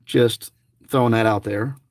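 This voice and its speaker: A man's voice: on the low side, steady tone, a little slow, no room sound. A middle-aged man giving chatty, rambling running commentary to his viewers, grumbling and joking as he goes. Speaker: lottery scratch-off vlogger.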